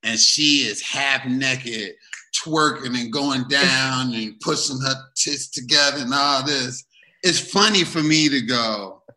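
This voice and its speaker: A man in his forties, a comedian guest on a chat podcast, telling animated stories, laughing often and acting out what people said. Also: medium pitch, slow, low-quality recording. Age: 40s. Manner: animated storyteller who laughs often and acts out quotes.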